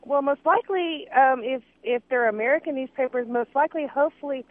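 A woman's voice: high-pitched, fairly quick, a little hiss or hum. A woman calling in to a radio talk show, indignant and talking over others. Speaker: caller. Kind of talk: radio call-in. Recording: tinny phone line.

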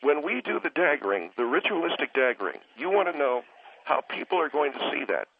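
Brief: patronizing male caller, slightly high voice, heard over a tinny phone line. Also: brisk, gravelly. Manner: condescending, keeps interrupting to calm the host. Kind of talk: radio call-in argument.

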